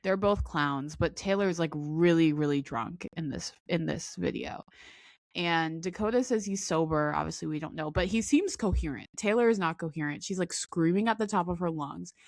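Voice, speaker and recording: A woman's voice: on the low side, moderate pace, no room sound, studio quality. A woman co-hosting a podcast, telling stories in casual chat with lots of fillers and acted-out quotes. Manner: animated storyteller, acts out quotes, many fillers. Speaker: podcast co-host.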